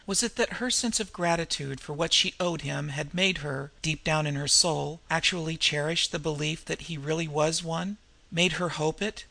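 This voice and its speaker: A man reads a novel aloud in steady, measured narration. His voice sits somewhat high, with a gravelly fry and a bright, forward tone. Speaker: audiobook narrator. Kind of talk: scripted narration.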